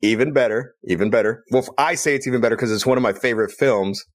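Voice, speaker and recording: A man's voice: medium pitch, quick pace. A man co-hosting a casual chat, easygoing and chatty. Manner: easygoing, chatty, laughs often. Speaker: podcast co-host.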